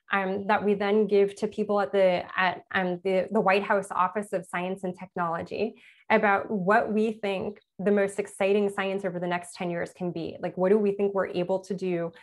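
A woman's voice: medium pitch, little pitch movement, normal speed. Woman giving a casual science lecture. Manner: explains plainly with everyday examples, self-correcting. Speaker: physicist giving an author talk. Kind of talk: conversational public lecture.

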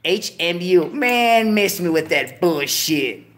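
A man hosting his own show, ranting casually to viewers in street slang, cursing heavily, with animated outbursts. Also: sits high, takes it slowly. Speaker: show host. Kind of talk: casual profane rant to viewers.

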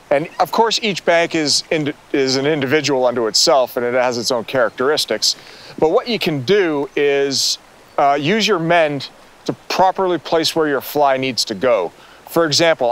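A man's voice: on the high side, a bit bright. A man giving enthusiastic, exclamatory fishing commentary and tips from a boat on a river. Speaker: angler on a fishing show.

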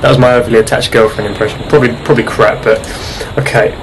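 A man's voice: mid-range voice, steady tone, fast talker, gravelly, noisy background. A man hosting a let's-play, making jokes and jumpy reactions while playing a horror game. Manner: jokey, jumpy reactions to scares. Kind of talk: casual gameplay commentary. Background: horror game music.

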